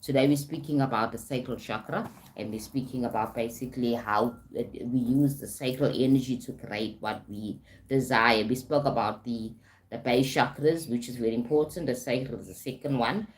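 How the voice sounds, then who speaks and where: A woman's voice: very deep voice, normal speed. A woman with a South African accent, a life coach talking on a live stream, often adding "right?" and "okay?" and greeting viewers.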